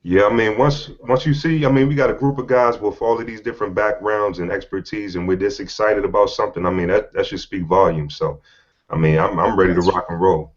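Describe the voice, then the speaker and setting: Low-voiced male panelist, confident, lo-fi call audio. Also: fairly even intonation, brisk. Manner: confident, emphatic. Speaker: panel member.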